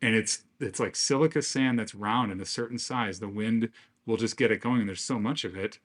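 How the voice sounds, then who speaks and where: A man's voice: lowish voice, brisk. Upbeat joking man chatting on a podcast. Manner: jokey and upbeat, laughing often. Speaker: podcast co-host; father of young kids. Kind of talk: casual chat.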